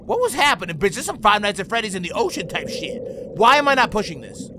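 A young man hosting a let's play, reacting to the game with excitable, profane shouting. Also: sits high, fast, background noise. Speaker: gaming video host. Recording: game music behind.

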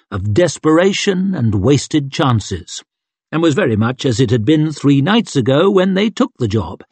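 A male audiobook narrator with a husky, mid-pitched voice, telling the story at a measured pace with expressive, shifting emphasis. The recording is close and dry. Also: dry recording. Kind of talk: scripted narration.

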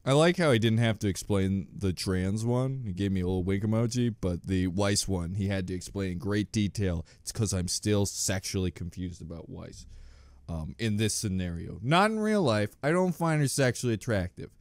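A man rambling through reaction commentary with lively swings in pitch and crude, self-mocking jokes. He often laughs at himself between remarks. The sound is dry and close, with no room around it. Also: moderate pace, hardly any pauses, no echo. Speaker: reaction channel host.

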